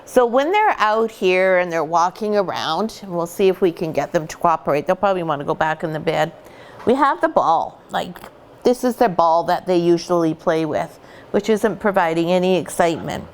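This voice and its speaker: A woman's voice: fairly low pitch, fairly quick. A woman, a puppy breeder, chatting and explaining step by step while she plays with the puppies in an indoor puppy room. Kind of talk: instructional puppy-raising video.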